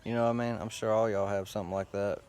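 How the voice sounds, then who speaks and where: Low-voiced man rambling profanely outdoors. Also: flat delivery, very fast, darkish tone, smooth. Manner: loose, profane, meandering talk with frequent fillers. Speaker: host. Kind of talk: casual rambling monologue. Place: outdoors, sitting against a tree.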